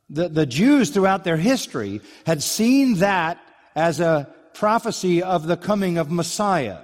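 A man preaching an earnest, emphatic expository sermon in a slightly higher voice than most men. His words ring out with the long reverb of a large hall. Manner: earnest, emphatic, acts out quoted lines. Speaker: pastor.

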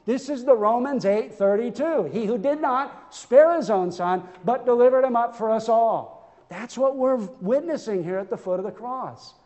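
High-voiced preacher in an echoing hall. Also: male voice, a little mellow. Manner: earnest, emphatic, with frequent stammered restarts. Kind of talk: sermon.

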